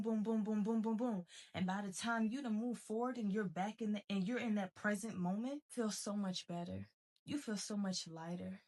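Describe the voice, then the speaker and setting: A woman giving a motivational spiritual talk. She is emphatic and repeats herself, mixing casual slang into a preachy delivery. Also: medium pitch. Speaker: spiritual self-help speaker. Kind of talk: motivational monologue.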